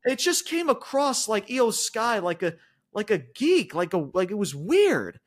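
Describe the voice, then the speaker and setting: A man's voice: high voice, big pitch swings, measured pace. A man co-hosting a wrestling podcast, ranting in casual, profane chat, with lots of "like" and restarts. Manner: frequent fillers and restarts like "like".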